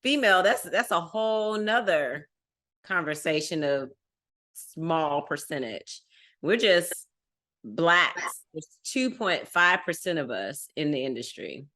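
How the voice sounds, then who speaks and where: A woman's voice: low-pitched, expressive, slow pace, pushed and bright. A woman from Texas with a Texan accent, chatting casually and emphatically on a talk show, laughing often and repeating points for emphasis. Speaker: guest. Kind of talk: casual chat.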